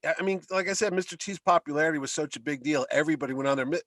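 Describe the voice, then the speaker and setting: A middle-aged man co-hosting a podcast, chatting casually and telling animated, rambling stories. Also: a little high, rapid-fire, no room sound. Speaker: podcast co-host. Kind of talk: casual chat.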